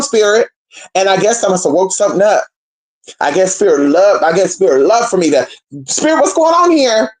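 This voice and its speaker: Young woman, spiritual practitioner, casual profane storytelling, very expressive pitch. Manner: animated, profane, addresses viewers as y'all and girl.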